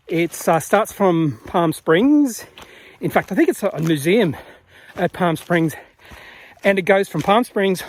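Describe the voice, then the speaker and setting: A man chatting casually and rambling with fillers while filming himself on an outdoor rainforest trail. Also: high-pitched. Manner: chatty, rambling, lots of fillers and self-corrections. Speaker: hiking vlogger. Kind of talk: casual vlog narration while hiking.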